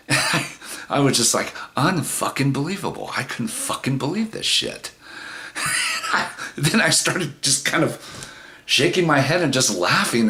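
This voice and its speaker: Brief: casual male vlogger, animated and crude, bright timbre, acts out quotes. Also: mid-range voice. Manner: animated, profane, acts out the dialogue. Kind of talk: casual storytelling to camera.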